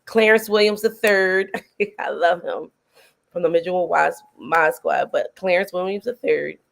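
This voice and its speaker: A woman hosting a film reaction show, chatting casually and excitably, laughing often and using slang. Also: lowish voice, a little slow, vocal fry.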